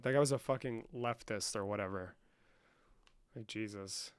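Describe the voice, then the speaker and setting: A man hosting a livestream in a casual, profane, slangy manner, saying "bro" a lot and swinging between low muttering and loud outbursts. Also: moderate pace, smooth, no echo. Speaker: livestream host.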